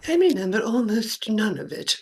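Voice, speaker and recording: A woman's voice: mid-range voice, very animated, normal speed. A woman playing the spirit of an elderly English actress, speaking with an English accent in a dry, clipped, tartly unimpressed way. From England. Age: older.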